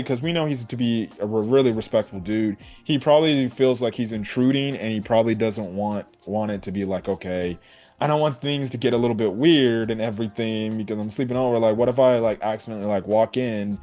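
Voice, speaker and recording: A man casually recapping an anime episode in a rambling way, full of fillers and quick acted-out quotes. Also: lowish voice, darkish tone. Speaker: anime reviewer. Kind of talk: casual spoken episode review.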